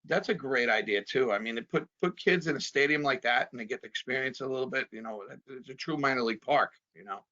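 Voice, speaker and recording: A man in his fifties from New Jersey, a former pitcher, rambling through memories in a casual chat full of fillers. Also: quick pace, hardly any pauses, pushed and bright. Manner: rambling, many fillers, chuckles often. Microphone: video call. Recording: dull video-call audio.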